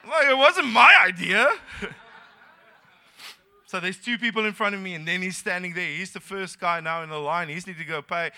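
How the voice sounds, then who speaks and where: Male South African pastor, bright, higher-pitched, animated storyteller in a church sermon. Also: fast, few pauses, clean tone. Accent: South African English. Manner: animated storytelling, laughing often, acting out dialogue.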